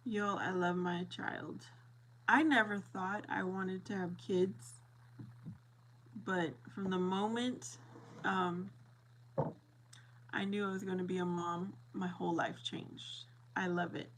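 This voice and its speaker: Middle-aged woman just chatting with her viewers, bright voice, animated storytelling, laughs a lot. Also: medium pitch, slow, pauses often, a little hiss or hum, poor audio. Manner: animated, laughs often, acts out both sides of a story. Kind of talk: casual storytelling chat.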